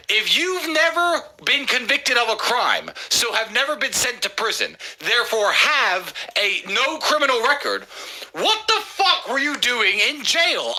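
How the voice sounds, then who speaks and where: A man co-hosting a comedy podcast, excitable and sweary, building his rants up to punchlines. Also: high voice. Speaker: podcast co-host.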